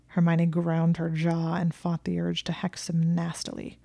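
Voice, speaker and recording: A woman narrating a story aloud with dry, measured storytelling. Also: on the low side, monotone, vocal fry, dark tone, no room sound. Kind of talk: audiobook reading of fan fiction.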